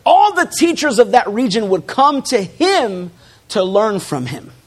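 A pastor preaches to his congregation in a high, slightly rough voice with big pitch swings at a measured pace. He builds emphasis with rising, forceful repeated phrases and drops in joking asides.

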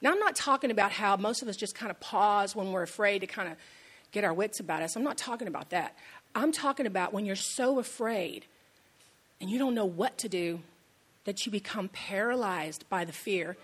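A woman's voice: medium pitch, lively intonation, normal speed, fairly bright tone, slightly rough. A woman pastor giving a sermon in a conversational, storytelling way, repeating key lines for emphasis.

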